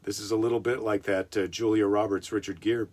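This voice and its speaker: A man's voice: on the low side, little pitch movement, brisk, darkish tone. A man hosting a casual comic monologue, retelling a story with rambling wisecracking asides. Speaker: comedian host.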